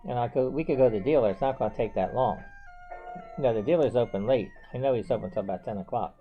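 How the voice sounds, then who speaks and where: Man, mid pitch, casual rambling storyteller, dull lo-fi take with faint music behind. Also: fast. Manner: rambling, full of "you know" and restarts.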